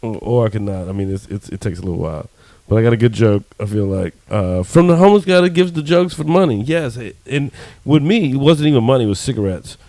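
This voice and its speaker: A man's voice: mid-range voice, animated, fast talker, hardly any pauses, mellow, no room sound. A man co-hosting a podcast, telling a joke in a laid-back, rambling, slangy way. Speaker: podcast co-host. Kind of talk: casual chat, joke telling.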